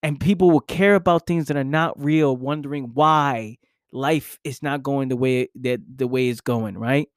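In clean studio-quality audio with no room sound, a young adult man delivers an intense, profane motivational monologue packed with repetition and rhetorical questions. The motivational speaker's voice is mid-range, with fairly even intonation and a moderate pace.

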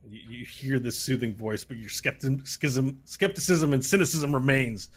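A man's voice: medium pitch, normal speed, slightly rough. A man running a tabletop role-playing game as dungeon master, narrating scenes with vivid sound effects and frequent restarts.

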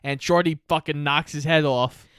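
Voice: medium pitch, fairly even intonation, normal speed, a bit bright, clean tone, dry recording, studio quality. A podcast co-host recapping a movie plot in a casual, matter-of-fact way.

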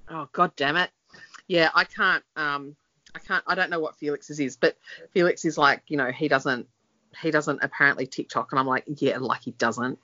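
A woman's voice: low-pitched, steady tone, normal speed, pushed and bright. A middle-aged woman, co-hosting a casual chat and rambling with many fillers. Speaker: podcast co-host. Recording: dull lo-fi sound.

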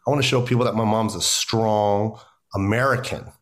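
A man who is a guest comedian, speaking in a casual podcast conversation, animated and emphatic, with his voice jumping up when he makes a point and many "you know"s. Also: on the low side, normal speed.

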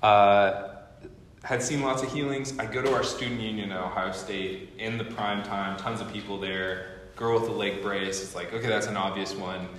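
Echoey, low-voiced man telling a sermon story. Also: normal speed, a little hiss or hum. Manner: animated storyteller acting out quotes. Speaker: guest lecturer. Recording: echoey hall with long reverb.

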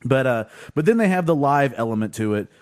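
Guy hosting a podcast, bouncy voice all over the place, rambly, swears a lot. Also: a little fast. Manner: rambling, swearing, lively pitch. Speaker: podcast host. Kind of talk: casual chat with friends.

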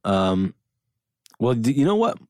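A man's voice: medium pitch, very animated, measured pace, darkish tone, no room sound, clean studio sound. A man hosting a casual chat, rambling and joking with frequent laughs and swearing. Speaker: podcast host.

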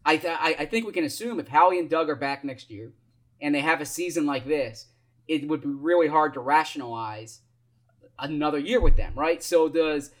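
Hesitant, somewhat high-voiced male co-host. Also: normal speed, a bit bright. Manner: hesitant, full of restarts and fillers, asks questions. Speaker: podcast co-host. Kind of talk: casual sports podcast chat.

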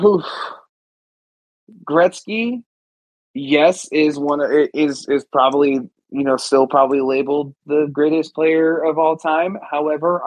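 A man's voice: on the high side, no room sound. A man co-hosting a podcast in casual chat, swearing freely and ranting with heat. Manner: profane, heated rants. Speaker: podcast co-host.

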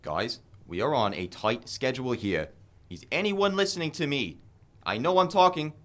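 A man's voice: medium pitch, animated, moderate pace, fairly bright tone, lightly acted. A man playing an exasperated TV producer trying to keep two comedians in line. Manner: exasperated, pleading. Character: harried TV producer, frazzled middle-aged man. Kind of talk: comedic radio-play acting.

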